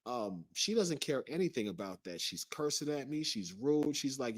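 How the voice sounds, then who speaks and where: A man's voice: medium pitch, sing-song, normal speed, no room sound, studio quality. A man as an interview guest, recounting a personal story in an earnest way.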